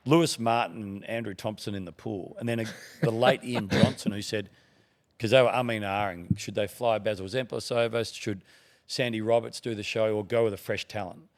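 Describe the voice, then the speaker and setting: A middle-aged Australian man with a low, gravelly voice, spinning long, rambling anecdotes. He talks casually and acts out bits of the conversations he describes. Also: fairly even intonation, fairly quick. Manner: rambling anecdotes with quoted dialogue. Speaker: guest, TV broadcaster. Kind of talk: casual storytelling.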